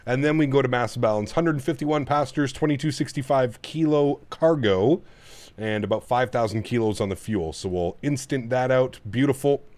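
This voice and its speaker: A man's voice: mid-range voice, fairly quick, a little mellow. A man from Canada hosting a casual live flight-sim stream, cooing to his dog and talking through cockpit setup steps.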